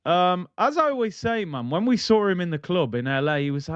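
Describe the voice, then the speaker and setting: A man's voice: high-pitched, expressive, fairly quick, hardly any pauses, clear, resonant tone, no room sound. A man hosting a football livestream, talking in a passionate, blunt, ranting way. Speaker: football channel host. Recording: dull lo-fi, dry sound.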